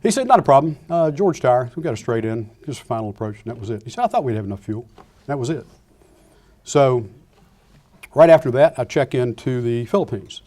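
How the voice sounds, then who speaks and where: An older man, a retired Air Force pilot, giving a lecture full of anecdotes and acting out the dialogue with lively restarts. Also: medium pitch, fairly quick. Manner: animated storyteller acting out dialogue, frequent restarts.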